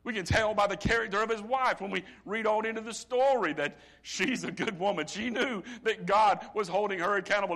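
A middle-aged man preaching with a bright, forceful voice that sits a little high for a man. He drops to a near hush, then builds to ringing intensity, drawing out key phrases slowly for weight. A pastor in full sermon flow. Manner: impassioned preaching that swings from hushed to loud; slow, drawn-out emphasis on key phrases.

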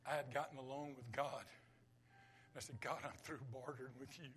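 A man preaching a sermon, swinging between loud declarations and hushed whispers. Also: mid-range voice, steady tone, normal speed.

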